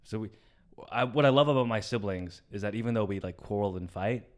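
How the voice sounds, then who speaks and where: A young adult man co-hosting a comedy podcast, telling a family story in casual chat, swearing often and trailing off softly. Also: fairly low pitch, a little fast. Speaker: podcast co-host.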